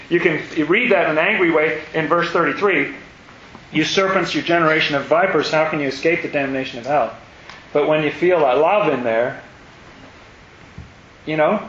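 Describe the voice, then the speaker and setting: A man's voice: a little high, a bit bright. A man teaching a Bible study class, thinking aloud in a questioning, emphatic way with frequent restarts. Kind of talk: classroom scripture discussion. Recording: roomy, dull, faint hiss.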